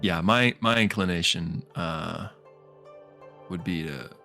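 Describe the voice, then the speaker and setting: A man plays a tabletop role-playing game in a low, deep voice. He speaks haltingly, leaning on fillers and restarts. Faint music plays in the background. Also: bright, forceful tone. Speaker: player.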